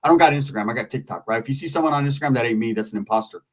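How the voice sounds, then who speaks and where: A man talking casually into the camera, telling a profane story and mimicking other people in loud, high voices. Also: rapid-fire. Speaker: YouTube commentator. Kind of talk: casual commentary monologue.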